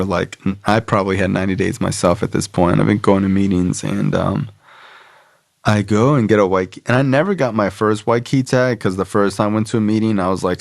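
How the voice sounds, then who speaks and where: A man's voice: sits low, vocal fry, no room sound, clean studio sound. A young man telling a long personal story in casual talk, swearing and acting out what others said. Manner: rambling, profane, acts out quotes. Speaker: podcast guest.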